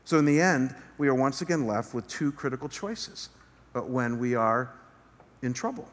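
A man's voice: mid-range voice, expressive, normal speed. A male pastor preaching an earnest sermon from a church stage, building emphasis as he speaks. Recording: long reverb of a large hall.

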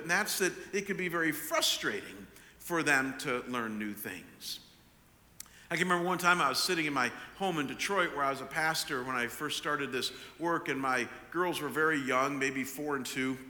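An older man preaches in a big church hall, his voice bright and ringing, a touch higher than most men's. He tells stories with frequent restarts and repeated little words. Long reverb trails behind every phrase. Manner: storytelling with many restarts. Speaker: pastor. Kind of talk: sermon.

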